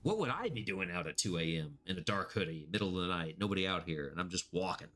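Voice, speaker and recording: Deep-voiced man streaming a game. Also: very animated, quick pace, a bit bright. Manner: rambling, laughs often. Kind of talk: casual gameplay commentary.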